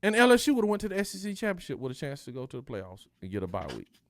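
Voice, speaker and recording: Man, laid-back and slangy, lively pitch, dry close mic, podcast banter. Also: rapid-fire, dry recording. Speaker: co-host. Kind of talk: casual sports talk podcast.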